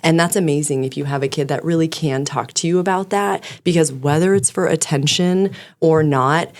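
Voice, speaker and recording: A woman's voice: low voice, normal speed, a little mellow. A woman, a clinical social worker, speaking as a podcast guest and explaining at length in an earnest, sometimes rambling way. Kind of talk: casual podcast conversation.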